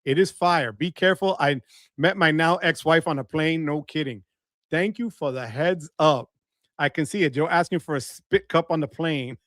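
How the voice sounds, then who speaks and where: Animated ny guy chatting on his livestream, highish voice, dry mic, playful. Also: normal speed, no room sound. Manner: animated, playful, shouts catchphrases. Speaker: livestream host. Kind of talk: casual livestream chat reading viewer comments.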